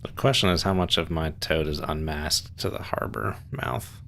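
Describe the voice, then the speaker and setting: A man with an extremely deep, low voice talks loosely on a live game stream. He rambles, restarts sentences and leans on fillers. A faint hum sits under his desk-mic sound. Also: moderate pace, vocal fry, fairly bright tone. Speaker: streamer playing a submarine sim. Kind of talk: casual live-stream chat.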